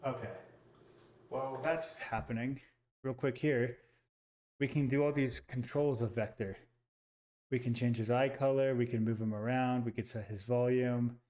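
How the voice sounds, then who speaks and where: Excitable man streaming a robot setup. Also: medium pitch, a little slow. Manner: excitable, talks to viewers while fiddling with a robot. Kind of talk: casual live-stream setup chat. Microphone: computer mic, second mic added.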